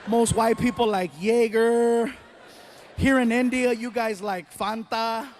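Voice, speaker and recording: A man doing stand-up comedy, telling a story in an animated way and acting out the voices of the people in it. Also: very high-pitched, slow, a little hiss or hum.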